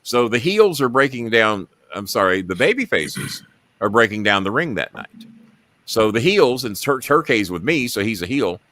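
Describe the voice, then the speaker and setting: A man's voice: fairly low pitch, very animated, moderate pace, a bit bright, dry recording. A middle-aged man hosting a talk show, telling a long story and acting out the quotes in it.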